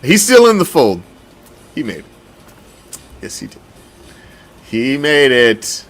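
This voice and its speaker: A man hosting a casual sports commentary show, talking in an animated, profane, rambling way. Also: mid-range voice, takes it slowly. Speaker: host.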